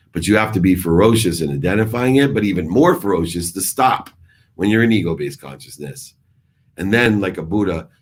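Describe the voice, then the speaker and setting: A man's voice: sits low, husky. A middle-aged man giving an emphatic, preachy motivational talk, repeating his phrases for effect. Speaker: motivational speaker.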